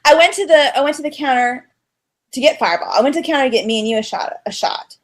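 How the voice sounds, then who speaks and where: This podcast co-host is a fast-talking woman with a high-sitting voice. She tells a story casually and with animation, voicing the quotes of the people involved.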